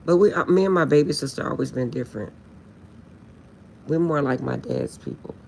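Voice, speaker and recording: A woman's voice: deep voice, wildly swooping pitch, fairly quick, vocal fry, warm tone, a little hiss or hum. A woman chatting casually on a late-night live stream, laughing often and insisting she is serious.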